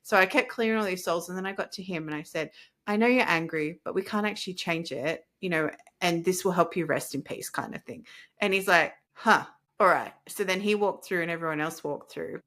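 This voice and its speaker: Speaking a little fast with a fairly low pitch, this woman, a podcast host and energy healer, recounts a personal experience in a relaxed chat. She's animated and performs the voices of the people in her story.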